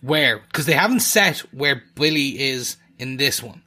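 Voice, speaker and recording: A man co-hosting a podcast in casual chat, animated and slipping into impressions of as he talks. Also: medium pitch, unhurried. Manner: animated, mimics accents while talking. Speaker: podcast co-host.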